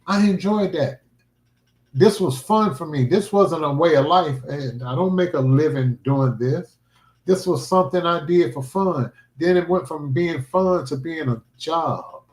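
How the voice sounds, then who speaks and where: A man's voice: on the high side, measured pace, a little mellow. A man livestreaming a vlog, talking in an earnest, emphatic, preacherly way about faith and his life. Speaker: livestreaming vlogger. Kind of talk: casual heartfelt livestream talk. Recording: roomy echo.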